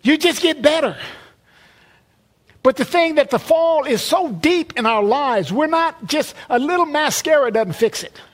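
A man's voice: very high voice, expressive, normal speed, few pauses. A man preaching a sermon in a conversational way, often repeating words and restarting phrases.

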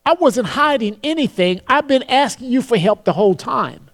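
A man preaching a sermon, earnest, slowing down to quote scripture solemnly and often repeating words as he starts a phrase. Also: very high-pitched, animated.

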